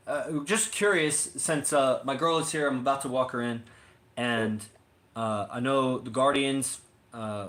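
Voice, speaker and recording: A man's voice: mid-range voice, a bit bright. Guy chatting on a livestream, rambly, lots of likes and uhs, echoey room. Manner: rambling, swearing, frequent fillers. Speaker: livestream co-host. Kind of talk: casual livestream chat.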